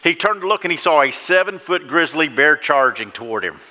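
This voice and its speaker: A man's voice: on the high side, animated, brisk, hardly any pauses, pushed and bright. A male pastor preaching a fervent sermon in a church and often asking the congregation questions. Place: church sanctuary. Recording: echoey church hall.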